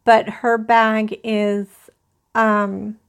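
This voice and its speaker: A woman's voice: medium pitch, level tone, extremely slow, clear, resonant tone. A woman hosting a crochet live stream, chatting casually and rambling as she talks to viewers in the chat. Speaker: crochet channel host.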